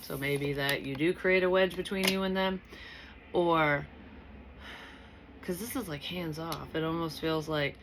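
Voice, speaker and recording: A woman's voice: deep voice, steady tone, measured pace, pauses often, background noise. A young woman working as a psychic medium, giving a casual, rambling reading and thinking aloud with frequent restarts and blunt swearing. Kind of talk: casual spoken tarot reading.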